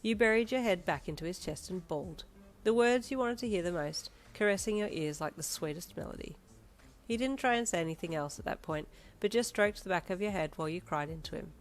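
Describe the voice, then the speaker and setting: A woman narrating a second-person fan-fiction story in a steady, intimate way. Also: on the low side, a little fast.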